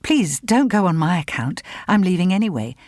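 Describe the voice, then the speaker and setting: A woman's voice: on the low side, very animated, normal speed, darkish tone, dry recording, clean studio sound, pitched above the performer's own voice. A woman voicing a terse, guarded translator. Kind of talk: audiobook character reading.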